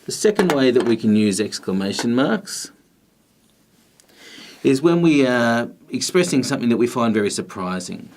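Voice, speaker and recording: A man teaching a grammar lesson, explaining in a patient, measured way with pauses. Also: mid-range voice, very animated, darkish tone, a little hiss or hum.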